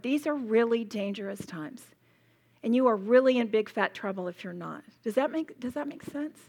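A passionate woman with a fairly high voice teaches the Bible live to a women's group. Her delivery is emphatic and animated, telling stories and role-playing demonstrations.

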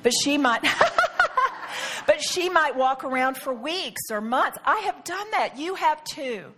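A middle-aged woman leads a Bible study with a fairly high voice. She speaks to the room earnestly and confidingly, and she keeps turning to the listeners with rhetorical questions. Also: animated, moderate pace, a bit bright. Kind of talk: personal teaching talk to a group.

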